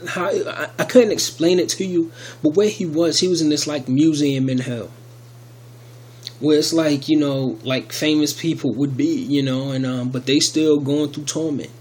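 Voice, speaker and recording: A man's voice: fairly high pitch, fairly even intonation, normal speed, a little mellow, slightly rough. Rambling man telling a testimony. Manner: rambling, many restarts and fillers. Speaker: video testimony speaker. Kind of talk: casual spoken testimony.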